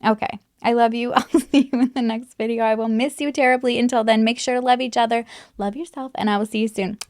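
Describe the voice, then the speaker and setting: A woman's voice: fairly high pitch, fairly even intonation, fast, a little mellow, no room sound. Candid woman true crime vlogger, dry sound. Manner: candid, swears freely, many likes and you knows. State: recovering from illness, on antibiotics. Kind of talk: casual true crime commentary to camera.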